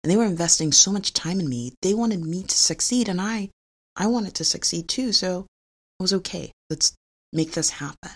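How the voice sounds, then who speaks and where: A woman's voice: fairly low pitch, expressive, moderate pace, breathy edge. A middle-aged woman, a physician and researcher, telling a personal story in an earnest, confessional way with small laughs.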